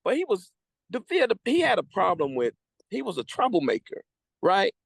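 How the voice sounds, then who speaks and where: A man improvising a story out loud, halting and restarting his phrases. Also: sits high, wildly swooping pitch, creaky, breathy edge, dry recording, clean studio sound.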